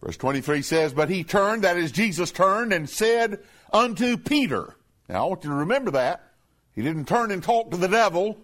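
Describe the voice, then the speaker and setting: A man preaching a sermon, talking plainly to his congregation and reading scripture aloud slowly and emphatically. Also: high voice, animated, a bit bright. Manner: emphatic, reads scripture in a slow raised voice.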